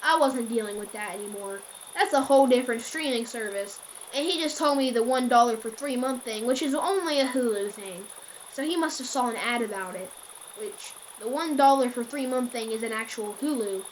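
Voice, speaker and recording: A woman's voice: fairly high pitch, brisk, a little hiss or hum. Rambling woman telling a scary story. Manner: rambling, self-correcting. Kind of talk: casual storytelling.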